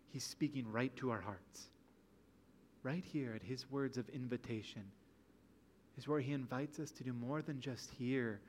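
A man's voice: medium pitch, slight background noise. A man preaching a sermon in an earnest, pleading way, full of rhetorical questions. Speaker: pastor.

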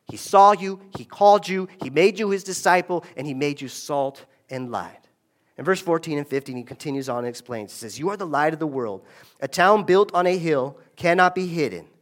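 A man preaching in a church, his voice pitched a little high. He talks to the congregation in an easy, lively way and calls them to answer back. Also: fairly quick. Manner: lively, conversational preaching with call-and-response. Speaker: pastor. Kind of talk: sermon. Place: church sanctuary.

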